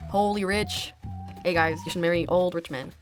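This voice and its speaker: A woman's voice: fairly low pitch, steady tone, normal speed, faint music behind. A young woman chatting casually while reading a game's story aloud, giggly and full of fillers. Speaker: gamer. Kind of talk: let's-play commentary, reading game text aloud.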